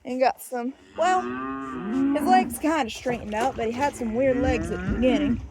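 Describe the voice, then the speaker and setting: A woman's voice: fairly high pitch, moderate pace, a loud crowd. A young woman chatting casually outdoors on a ranch while doing chores, rambling and joking about herself into a handheld phone. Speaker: ranch vlogger.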